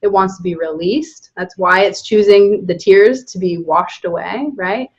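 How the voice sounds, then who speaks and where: A woman's voice: mid-range voice, unhurried, muffled recording. A woman guest on a podcast, talking candidly and animatedly, often breaking into laughter. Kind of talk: casual spiritual conversation.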